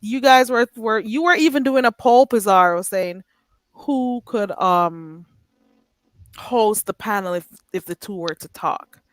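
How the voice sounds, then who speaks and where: On a live stream, a woman with a mid-range voice dishes gossip and reads comments from viewers, her animated chatter full of drawn-out "ooh"s. There's no room sound.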